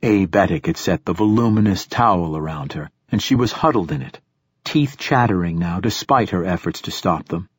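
A man narrating a first-person audiobook in a measured, even way. His voice is low and a little husky. The recording is close and dry, with no room sound. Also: dry recording.

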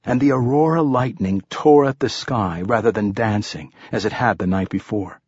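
Casting: calm male audiobook narrator, husky low voice, dry close sound. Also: dry recording. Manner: calm, measured storytelling.

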